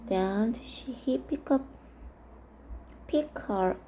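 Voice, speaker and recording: A native Korean woman reading a children's storybook aloud in English, slowly and carefully. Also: a little high, animated, mellow, slight background noise, low-quality recording.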